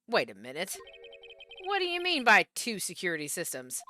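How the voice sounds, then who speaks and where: An earnest young defense attorney questions a witness with plain, direct persistence, as a woman reads him. The voice is bright and clear, with faint music in the background. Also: fairly low pitch, huge pitch swings, normal speed, heavily acted. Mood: questioning.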